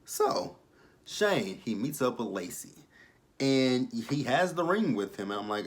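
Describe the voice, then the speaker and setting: A man around thirty reviewing a reality show in casual commentary, animated and profane with rambling asides. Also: medium pitch, measured pace.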